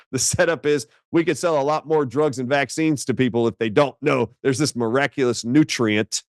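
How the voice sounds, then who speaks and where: A man speaking as a doctor guest in an interview, telling stories in an emphatic, animated way. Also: mid-range voice, dry recording, clean studio sound.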